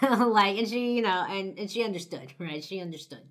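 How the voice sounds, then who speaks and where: A woman's voice: mid-range voice, expressive, a little fast, hardly any pauses, fairly bright tone. A young woman from Los Angeles, telling a personal story to camera in a loose, chatty way, full of "like" and "you know" and some blunt swearing. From Los Angeles, United States. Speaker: vlogger.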